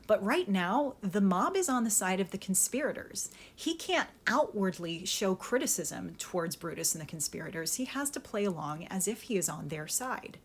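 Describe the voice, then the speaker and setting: A young adult woman, an acting coach, explaining Shakespeare's verse in a lively, emphatic way and sounding out stress patterns. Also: medium pitch, moderate pace, few pauses, slightly rough.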